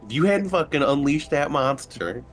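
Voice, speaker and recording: A man's voice: fairly high pitch, lively intonation, normal speed. A man playing in a tabletop game, talking in a playful, teasing way. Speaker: player. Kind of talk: casual chat.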